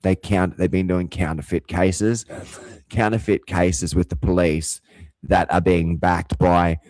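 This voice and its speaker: A man's voice: low-pitched, darkish tone, dry recording. A man hosting his own show, talking in a heated, profane, rambling monologue full of restarts and swearing. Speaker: show host.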